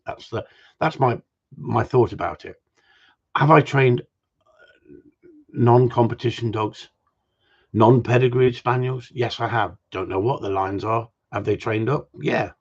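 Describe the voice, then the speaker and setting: A man's voice: mid-range voice, measured pace, pauses often, breathy edge, dull audio. A man, a gundog trainer chatting casually on a livestream, blunt and opinionated and given to repeating himself.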